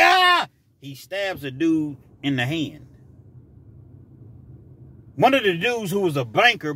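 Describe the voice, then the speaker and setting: A man's voice: a little high, breathy edge. A man telling a personal story casually, acting out scenes as he goes. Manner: animated, acts out scenes.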